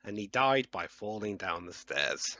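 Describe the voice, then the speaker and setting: A man's voice: on the low side, expressive, a little slow, sharp tone, no room sound. A man joking and laughing through a casual movie commentary with friends. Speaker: commentary group member.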